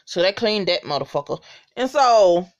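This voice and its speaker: A woman casually recapping a TV episode, swearing freely and reacting with loud disgust. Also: mid-range voice, animated, normal speed, muffled recording. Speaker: TV recap vlogger.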